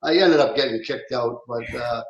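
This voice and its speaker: A man's voice: mid-range voice, moderate pace, crowd noise. A middle-aged male co-host tells a story in an easygoing, casual way. His voice rings in a roomy space and sounds a bit muffled. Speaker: podcast co-host, former hockey coach. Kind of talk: casual chat.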